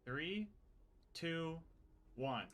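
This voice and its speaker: A player chattering live during a co-op game, excitable, yelping and pleading loudly. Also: medium pitch, very slow, noisy background.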